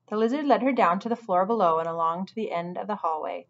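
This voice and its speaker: A woman teacher reads a storybook aloud in a patient, instructive way, stopping to guide her listeners. Her voice sits at an ordinary pitch. The recording is dull and lo-fi. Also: fast talker. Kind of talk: storybook read-aloud with asides to students.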